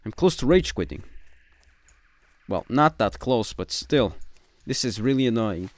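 A man's voice: medium pitch, expressive, a little slow, a little hiss or hum. A man giving gameplay commentary, ranting in irritation at other players. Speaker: gaming YouTuber.

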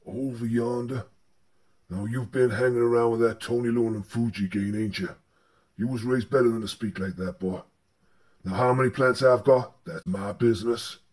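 A man voicing a solemn old colonial-era father scolding his son, slow and grave. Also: mid-range voice, steady tone, darkish tone, pitched below the performer's own voice, close to an everyday voice. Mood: stern.

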